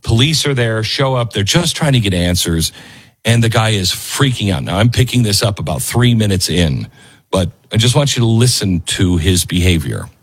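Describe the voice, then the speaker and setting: Husky guy ranting on his show, voice swinging up and down a lot, hammers the same words. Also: on the low side, very animated, moderate pace. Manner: emphatic, lecturing, repeats key phrases. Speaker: host. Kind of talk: opinionated commentary.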